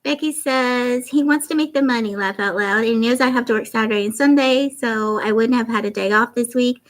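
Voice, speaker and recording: A woman's voice: a little high, a little fast, low-quality recording. A middle-aged woman hosting a craft livestream, chatting casually and reading out viewers' comments. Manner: chatty, warm, reads viewer comments aloud.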